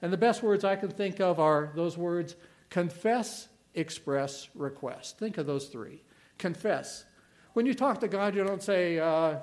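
A middle-aged man preaching a sermon as a pastor, earnest and emphatic, pausing and repeating key words. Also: high voice, animated, a little mellow.

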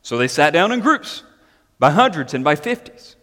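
A man preaching a sermon, animated and emphatic, mixing scripture reading with chatty asides and questions to the congregation. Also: on the high side, moderate pace. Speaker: pastor. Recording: long hall reverb.

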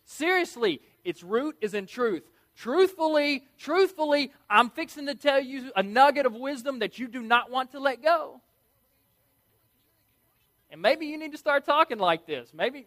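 A man preaching a sermon in an energetic, emphatic, playful way, often repeating key words. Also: extremely high pitch, unhurried.

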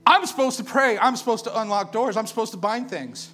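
A man preaches a passionate sermon in a high, fairly quick voice, firing off rhetorical questions. He swings between loud declarations and hushed intensity, with faint music behind him.

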